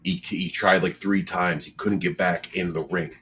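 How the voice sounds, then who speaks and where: A man's voice: sits low, steady tone, moderate pace, fairly bright tone, a little hiss or hum. A man talking casually in a podcast chat, rambling with lots of fillers and restarts.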